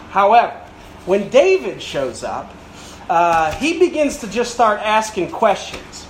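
A man's voice: high-pitched, sing-song, measured pace, reverberant, a little hiss or hum, poor audio. A male pastor preaching a sermon with emphatic, building repetition and rhetorical questions.

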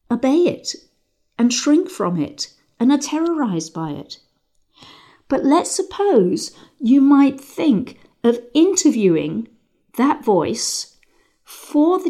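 A woman riding instructor leading a calm, measured visualisation exercise with frequent pauses. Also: high voice. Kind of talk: guided visualisation lesson.

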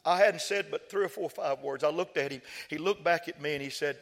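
A man's voice: fairly high pitch, brisk. A man preaching a sermon as a pastor, telling a story in a conversational way and often repeating himself. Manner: conversational storytelling with frequent repetition.

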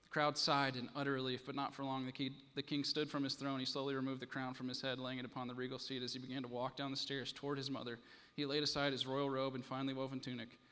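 Male pastor, mid-pitched voice, dramatic storyteller, long echo in the church hall. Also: completely flat delivery, quick pace, few pauses, sharp tone, clear, resonant tone. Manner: dramatic storytelling, then earnest preaching. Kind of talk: sermon.

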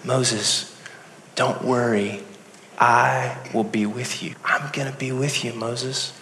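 A man's voice: fairly high pitch, slow, sharp tone, a little hiss or hum. A man giving voice to God, solemn and commanding. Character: solemn booming voice of God from a burning bush. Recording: echoey hall with long reverb.

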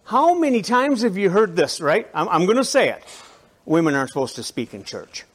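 Speaking briskly in a high voice, a male pastor delivers an animated, conversational sermon. He frequently restarts his sentences and turns to the congregation with asides.

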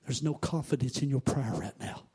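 A man preaching a sermon, moving from quiet, conversational asides to shouted, sing-song exhortation. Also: mid-range voice, lively intonation, brisk, slightly rough. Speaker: pastor.

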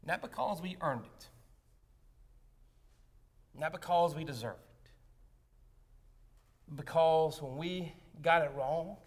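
A male pastor delivering a sermon, telling a story with rising intensity and then slowing into quiet, deliberate reflection. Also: a little high. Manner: dramatic storytelling that swells loud, then drops to a hushed, slow close.

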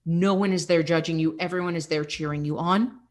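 A woman's voice: deep voice, fairly even intonation, brisk. A young adult woman fitness coach hosting a podcast, talking candidly and encouragingly, with laughs slipping in. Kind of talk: casual motivational podcast talk.

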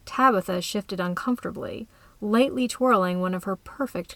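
Woman narrator, calm even reading, mid-pitched voice, dry close sound. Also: normal speed, dry recording. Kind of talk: scripted story narration.

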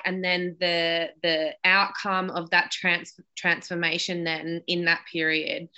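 A woman hosting a podcast, asking a long, halting question for her listeners. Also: on the low side, pushed and bright. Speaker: podcast host. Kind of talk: conversational podcast interview. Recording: dull lo-fi recording.

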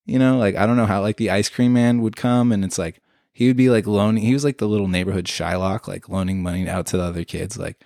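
A man's voice: lowish voice, quick pace, gravelly, dry recording, studio quality. A man telling a story in casual chat, swearing freely and acting out what people said. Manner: animated, swears freely, acts out quotes.

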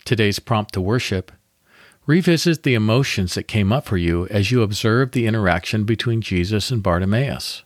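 A man hosting a devotional podcast, reading a guided Bible meditation in a calm, measured way with pauses. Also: fairly low pitch, dry recording, clean studio sound.

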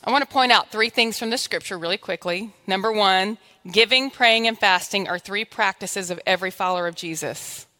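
A woman's voice: medium pitch, fairly quick, hardly any pauses, sharp tone. A woman pastor giving a conversational, humorous sermon in church, exhorting her congregation.

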